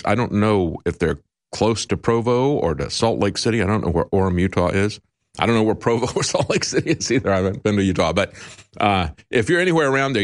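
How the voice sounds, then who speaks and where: A male talk show host giving emphatic, indignant commentary with sarcastic asides. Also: on the low side.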